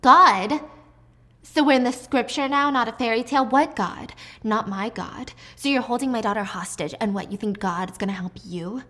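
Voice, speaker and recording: A haughty, wealthy mother near forty, as a woman recapping a drama voices her snaps out sharp, scornful lines. She sounds superior and easily provoked. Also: fairly high pitch, normal speed.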